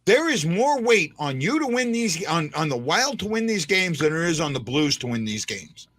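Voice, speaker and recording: A man's voice: on the high side, big pitch swings, normal speed, fairly bright tone. A man hosting a casual hockey fan show, talking emphatically and arguing his points. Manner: argumentative, emphatic. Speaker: podcast host. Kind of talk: casual sports talk.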